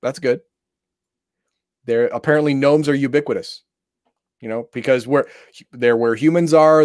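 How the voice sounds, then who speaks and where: A man's voice: mid-range voice, fairly even intonation, normal speed, pauses often, darkish tone, no echo, clean studio sound. A man reading tabletop game rules aloud in casual chat, breaking into exasperated, profane rants.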